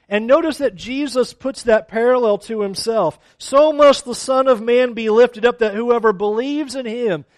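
High-voiced preaching pastor, dry sound. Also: male voice, dry recording. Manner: preaching with acted-out quotes of complaining people. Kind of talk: sermon.

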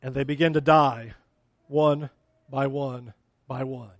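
A man's voice: medium pitch, steady tone, slow pace, no echo. A man preaching a sermon as a pastor, acting out quotes of complaining people along the way.

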